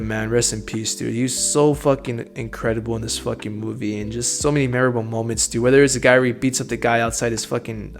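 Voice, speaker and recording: Young man gushing casually about a film. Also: medium pitch. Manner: enthusiastic, swearing, says dude and bro a lot. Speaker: film review host.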